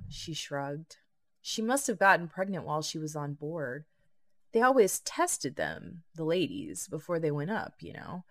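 A woman narrating a novel as an audiobook, steady and even. Her voice is low and gravelly throughout. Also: measured pace. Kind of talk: scripted narration.

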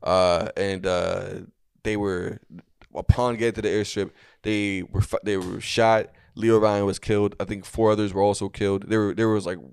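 A man's voice: lowish voice, level tone, normal speed, vocal fry, clear, resonant tone. A young man co-hosting a podcast, telling a story in a loose, rambling way with many restarts. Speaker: podcast co-host. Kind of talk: casual storytelling chat.

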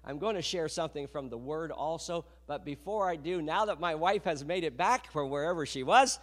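A man's voice: on the high side, a little fast. A middle-aged man, a missionary pastor, making a fundraising appeal to a church in a preacherly way with rhetorical questions. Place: church sanctuary.

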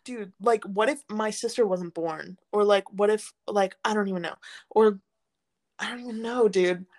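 Young female co-host, rambling, giggly, filler-heavy, mid-pitched. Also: normal speed, a little mellow. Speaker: podcast co-host. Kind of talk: casual chat.

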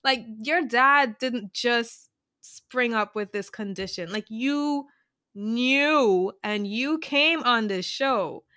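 Podcast lady gossiping about a reality show, bright sharp voice, laughs a lot, dry close sound. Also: on the high side, slow pace, no echo. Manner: animated, laughs often, dramatic retellings. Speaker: podcast co-host. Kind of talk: casual chat.

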